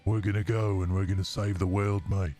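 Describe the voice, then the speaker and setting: A man putting on a deep, booming mock-Australian accent for a heroic robot leader, male. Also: little pitch movement, brisk, mellow, faint music behind, lightly acted.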